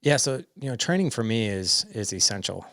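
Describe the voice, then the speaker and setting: A man's voice: on the low side, fairly quick, no echo, studio quality. A man in his forties, a podcast guest, telling casual stories and acting out family conversations as he goes. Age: 40s. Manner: animated, quotes family dialogue in stories. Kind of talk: casual storytelling chat.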